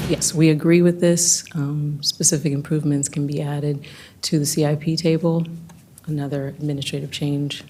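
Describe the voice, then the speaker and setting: A woman presenting planning staff updates at a public board meeting, hurried and apologetic with many ums, losing her voice. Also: low voice, a little mellow, a little hiss or hum.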